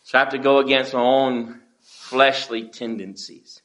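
A man's voice: mid-range voice, flat delivery, unhurried, reverberant, low-quality recording. A pastor preaching an earnest, pleading sermon to his church. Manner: earnest, pleading preaching with wide swings in loudness.

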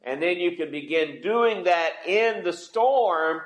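With a high voice and lively intonation, a pastor takes his time through a conversational sermon, posing questions to the congregation. The sound carries the echo of the church hall where he preaches.

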